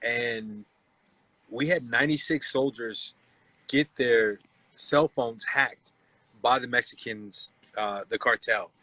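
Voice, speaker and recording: A man's voice: mid-range voice, takes it slowly, pushed and bright, no room sound, rough recording. A man in his forties hosting a casual live chat, telling stories and acting out the voices he quotes. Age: 40s. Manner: storytelling, acts out quoted voices. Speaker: host.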